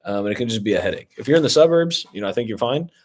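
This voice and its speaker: A man's voice: lowish voice, lively intonation, rapid-fire. A man coaching on real estate investing as he answers viewer comments in a casual live-stream Q&A, talking loosely with many fillers and an upbeat tone toward his viewers. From Ohio.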